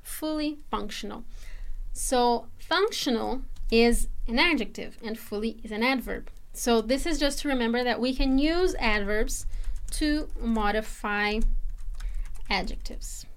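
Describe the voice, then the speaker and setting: A woman's voice: a little high, a little slow, clear, resonant tone. A woman teaching English, patiently explaining grammar and often checking in with her students. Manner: patient, explanatory, checks understanding with okay and all right. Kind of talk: online English lesson.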